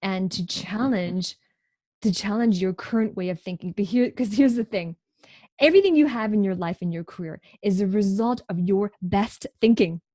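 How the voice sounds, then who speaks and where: A woman's voice: medium pitch, normal speed, mellow, no echo, clean studio sound. A woman who is a career educator, a podcast guest, speaking emphatically in a coaching tone and repeating key phrases. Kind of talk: conversational podcast interview.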